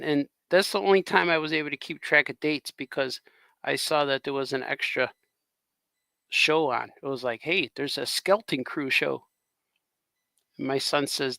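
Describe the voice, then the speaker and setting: A man's voice: a little high, steady tone, a little fast, gravelly, sharp tone, dry recording. A man chatting in a rambling way while drawing on a live stream as a cartoonist host.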